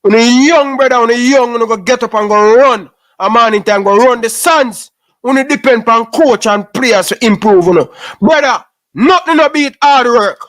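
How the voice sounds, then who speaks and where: A man's voice: very high-pitched, a bit bright. A Jamaican man giving an impassioned, preachy rant in patois, scolding young footballers and repeating his points.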